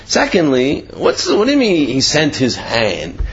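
A man's voice: on the high side, huge pitch swings, moderate pace, gravelly, few pauses, highs cut off. A man giving an informal Torah class, telling jokes and asking many rhetorical questions, with frequent fillers. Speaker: Torah teacher.

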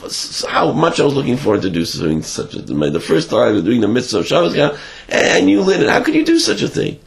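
A man doing a young bride pitched far up, her shrill voice leaping around as she scolds in a storytold scene. She sounds exasperated and accusing, with a gravelly edge under the high tone. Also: wildly swooping pitch, quick pace. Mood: indignant. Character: upset young newlywed bride, indignant.

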